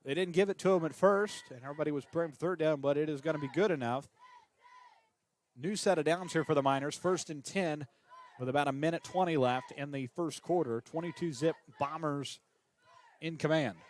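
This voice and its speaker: A man calling high school football play-by-play who gets excitable and climbs in pitch on big plays. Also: brisk, a little hiss or hum. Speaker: play-by-play announcer.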